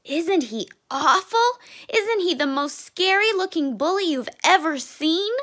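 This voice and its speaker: A woman voicing a scared little boy raccoon cub in a read-aloud storybook, with a high, anxious, pleading manner. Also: big pitch swings, moderate pace, a bit bright. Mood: alarmed.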